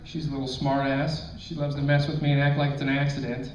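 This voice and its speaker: A middle-aged man doing a stand-up comedy set, telling crude stories deadpan and hitting punchlines loudly. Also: mid-range voice, fast talker. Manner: crude, deadpan storytelling with sudden loud punchlines. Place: comedy club stage. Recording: roomy, distant, dull club recording with faint noise. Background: audience laughter.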